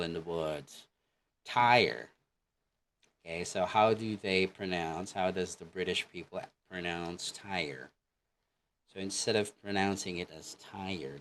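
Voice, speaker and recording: A man teaching an online English lesson, explaining deliberately and often checking in with "okay?". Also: low voice, a little hiss or hum.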